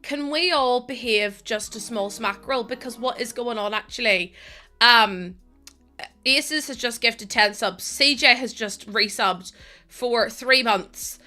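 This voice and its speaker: A high-pitched young woman talking to her stream chat, worn down yet still giggling. Her voice is bright and light, and her talk jumps around in a loose, scattered way. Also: a little slow, faint music behind. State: tired. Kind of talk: casual live stream chat.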